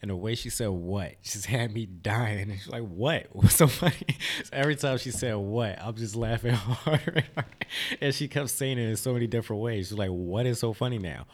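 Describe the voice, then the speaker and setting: A man's voice: lowish voice, brisk. A young man, a podcast guest, rambling through stories and laughing through his words. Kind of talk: casual chat.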